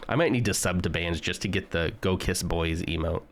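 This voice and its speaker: A man's voice: sits low, a little hiss or hum. A man streaming live, chatting casually and joking with his viewers as he browses. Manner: chatty, joking, talks to chat while browsing.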